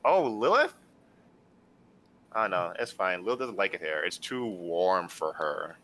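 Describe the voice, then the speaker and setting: A man voicing a sly female night hag in a tabletop game, speaking softly and smoothly. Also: deep voice, lively intonation, unhurried, slight background noise, full character voice. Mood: silky.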